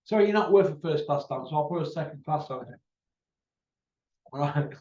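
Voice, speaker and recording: Man, boxing vlogger, blunt mocking banter, higher pitch; distant echoey room, dull audio. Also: expressive, normal speed, pauses often, darkish tone. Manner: blunt, mocking banter, addressing people by name. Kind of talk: off-the-cuff rant to camera. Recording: roomy, distant, dull sound.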